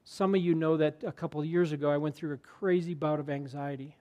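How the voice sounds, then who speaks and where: Male pastor, sermon delivery, slightly high voice, earnest and conversational, hushes for emphasis. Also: steady tone, fast talker.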